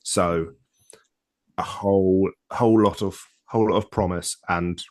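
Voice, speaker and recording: Man, 30s, deep low voice, podcast co-host, casual chat, enthusiastic. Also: steady tone, a little slow.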